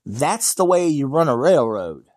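An EV news vlogger with a somewhat high voice and a slightly slow pace talks casually about electric cars. He rambles and opines, full of fillers, restarts and emphatic outbursts, delivering animated rants.

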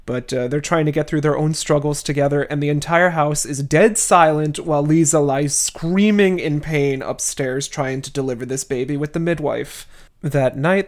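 A man hosting a podcast, casually retelling a classic novel with wry, chatty asides. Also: a little high. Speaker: podcast host. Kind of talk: casual book recap.

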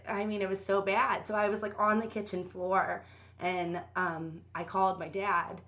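A woman's voice: mid-range voice, flat delivery, moderate pace, a bit bright. A young woman on a podcast, telling a personal story candidly in casual chat, with lots of fillers and cursing. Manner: candid, profane, many fillers. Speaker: podcast guest.

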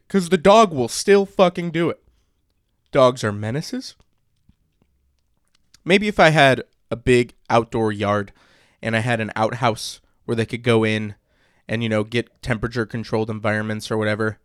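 A man's voice: mid-range voice, normal speed, dry recording, studio quality. A young man co-hosting a casual podcast who rants bluntly and sarcastically, swearing as he jokes. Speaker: podcast co-host. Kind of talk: casual chat.

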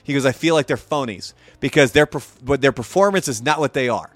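A man co-hosting a podcast in a relaxed casual chat, recounting anecdotes and reading out facts. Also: mid-range voice, a little fast, no echo. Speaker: podcast co-host.

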